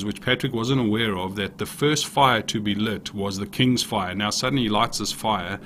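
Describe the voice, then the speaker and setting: A man with a fairly low voice preaches in an earnest, searching way, often circling back to restart a phrase. He tells an old story and reads prayers aloud. A faint hiss of noise sits under the recording. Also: a bit bright. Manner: earnest, with frequent restarts and repeated words. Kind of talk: sermon with storytelling and read prayers.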